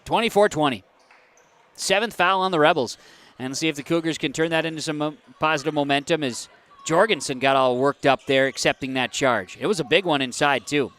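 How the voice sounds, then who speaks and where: A man doing live play-by-play of a high school basketball game, with quick calls that jump up on big plays. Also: a bit bright. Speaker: play-by-play announcer.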